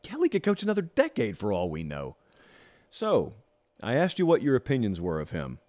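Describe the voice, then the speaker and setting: A man's voice: mid-range voice, normal speed. Guy hosting a college football show, ranting w/ sarcastic asides, voice jumps all over. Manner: animated, emphatic, sarcastic asides. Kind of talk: opinionated sports talk monologue.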